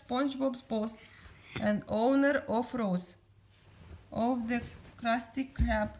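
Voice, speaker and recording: A mother reading a storybook aloud to her child in a calm, unhurried way. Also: on the high side.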